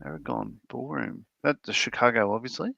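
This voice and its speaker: Casting: Australian male co-host, gravelly voice, meandering fillers, lo-fi dull stream audio. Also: mid-range voice, very animated, brisk, pushed and bright, dry recording. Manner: rambling, many fillers and restarts. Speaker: livestream co-host. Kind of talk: casual chat, reading viewer comments.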